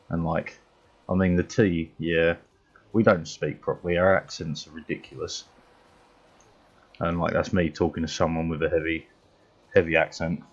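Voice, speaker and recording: Deep-voiced English man chatting. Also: steady tone, moderate pace, pauses often, muffled recording. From England. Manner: chatty, rambling, mild swearing. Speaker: streamer. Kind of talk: casual chat while gaming.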